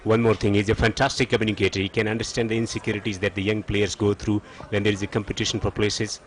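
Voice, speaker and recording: Low-voiced male cricket commentator. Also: little pitch movement, quick pace, a little hiss or hum. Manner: earnest, repeats words as he restarts.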